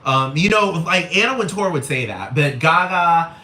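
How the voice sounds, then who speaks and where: A man ranting in a profane, animated, comedic way, laughing often as he goes. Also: on the high side, normal speed. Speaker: vlogger. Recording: roomy echo, faint room noise.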